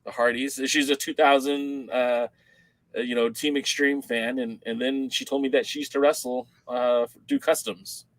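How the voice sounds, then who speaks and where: A man co-hosting a podcast in casual chat, an animated storyteller who acts out the voices of the people in his stories. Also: medium pitch, moderate pace, dry recording, rough recording. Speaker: podcast co-host.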